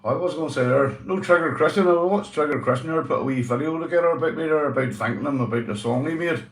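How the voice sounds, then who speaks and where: A Northern Irish livestream host with a slightly high voice talks fast, reading comments and chatting loosely with viewers, swearing and calling them mate. He's in an echoey room, and there's a little hiss or hum.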